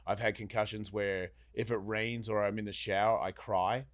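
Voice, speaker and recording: At normal speed and a lowish pitch, a man on a podcast recounts a long personal story casually. He stays animated, swears without restraint, and voices the characters as he goes.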